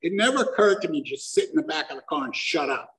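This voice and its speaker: A man's voice: fairly high pitch, very animated, fast talker, a bit bright, poor audio. A man telling a personal story to a live audience in a conversational, self-mocking way, acting out the voices he quotes.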